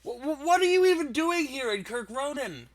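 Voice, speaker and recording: A man voicing a frantic male chef who shouts and panics in a high, strained voice. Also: a little fast. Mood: terrified. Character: angry then terrified male chef.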